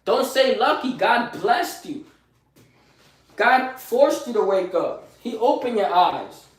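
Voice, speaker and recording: A man giving a loud, preachy motivational pep talk in his small home gym, repeating his lines and calling to his viewers. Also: sits high, very animated, slow pace. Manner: loud and preachy, repeats phrases, says y'all a lot. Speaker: motivational live streamer. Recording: very echoey room, mic far off.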